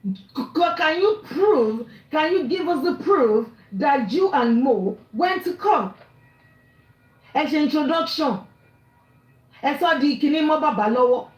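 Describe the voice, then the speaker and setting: An online commentator with a Nigerian accent rants angrily and scolds, switching among English, Pidgin and Yoruba. Her high voice has lively intonation and a slightly slow pace, and the muffled recording sounds echoey.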